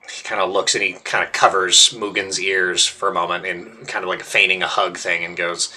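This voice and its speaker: A man's voice: low voice, flat delivery, a little fast, few pauses, bright, forceful tone, breathy edge, faint music behind. A man narrating as the game master of a tabletop game, describing scenes in a loose, filler-filled way.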